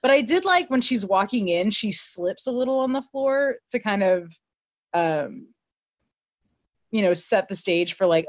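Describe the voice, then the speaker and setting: A woman's voice: medium pitch, big pitch swings, unhurried, no room sound. A woman co-hosting a podcast, recapping an episode in casual, laughing, filler-heavy chat. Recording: dull lo-fi dry recording.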